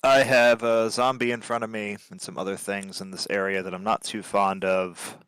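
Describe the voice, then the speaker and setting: A man playing a tabletop game, thinking aloud in a deliberate, casual way. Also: fairly low pitch, level tone, a bit bright, clean tone, dry recording. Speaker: player.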